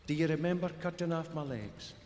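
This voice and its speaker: A man's voice: a little high, fairly quick, darkish tone, reverberant, in a large hall, slight background noise, close to an everyday voice. A Scottish man voicing a maimed but determined young woman in a folk tale, speaking earnestly.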